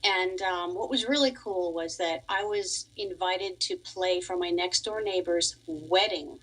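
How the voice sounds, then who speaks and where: A woman's voice: fairly low pitch, unhurried, a bit bright, husky, poor audio. A woman in her forties from Long Island, a musician and piano teacher, talking in a chatty way as a guest on a radio interview. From Long Island, New York. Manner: chatty, laughs easily.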